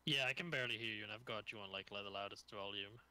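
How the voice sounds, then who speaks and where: A man's voice: fairly low pitch, quick pace, sharp tone, low-quality recording. A man with a nasal voice chatting casually and mocking himself, laughing easily. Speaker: streamer's friend. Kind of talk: casual chat. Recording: clear background noise.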